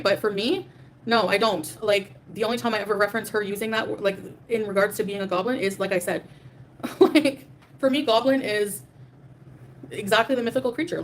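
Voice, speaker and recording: A young adult woman livestreaming from home, ranting defiantly and swearing freely at her chat. Her pitch sits in an ordinary middle range, and her sentences are scattered with fillers and restarts. A faint hiss of background noise sits under her voice. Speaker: livestream host. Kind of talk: livestream rant reading super chats.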